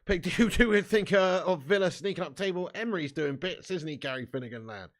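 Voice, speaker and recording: A man's voice: high-pitched, animated, quick pace. A man hosting a live football watch-along. He reads chat comments aloud and talks in a casual, sweary way. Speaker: fan channel host.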